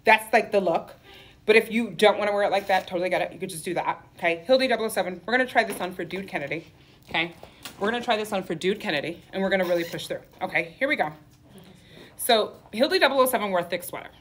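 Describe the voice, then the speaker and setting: A woman's voice: mid-range voice, fast talker. Woman, boutique owner, live-sale patter, sassy, campy, in a clothing store. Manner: sassy, campy, peppers lines with "okay?" and "honey".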